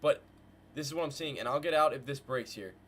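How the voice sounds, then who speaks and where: A man at a desk mic runs live market commentary for his viewers, mid-pitched and full of hype. He calls to the chat as "guys" and "bro" and fires phrases off in repeated bursts, with a faint hiss of noise behind him. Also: a little fast, a bit bright. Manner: hyped, slangy, talks to chat with "guys" and "bro". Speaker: trading livestream host. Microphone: desk mic with headphones.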